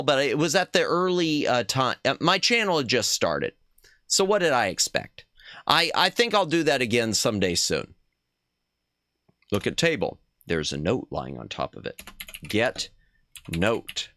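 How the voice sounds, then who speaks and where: Lively, bright-voiced man streaming a game. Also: a little high, smooth, dry recording, studio quality. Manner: playful, chatty, laughs at himself, reads game text aloud. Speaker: streamer playing a retro game. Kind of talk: casual live-stream gaming chat.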